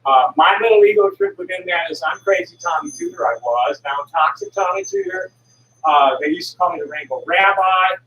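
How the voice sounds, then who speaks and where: This sixties-aged herbal remedy peddler has a fairly low, a bit bright voice, very animated and brisk, and she wanders through a digressive monologue full of restarts, blunt and occasionally profane. The lo-fi recording has slight background noise, an echoey room sound, distance from the mic and faint ambience.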